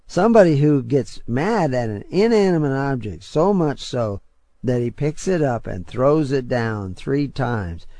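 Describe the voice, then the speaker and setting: An older man preaching on his radio show, talking in a rambling, conversational way and building to forceful, emphatic points. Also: medium pitch, expressive, a little slow, no echo.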